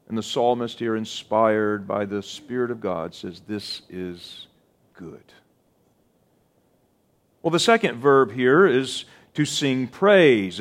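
A middle-aged man preaching a sermon, slow and deliberate, drawing out words for emphasis. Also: mid-range voice. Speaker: pastor.

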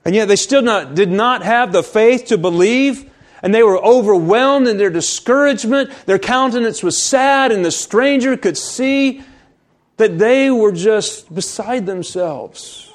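Man preaching, slow and emphatic. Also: high voice. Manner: reads scripture aloud, then explains it with emphasis; slows down to stress key words. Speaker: pastor. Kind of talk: sermon.

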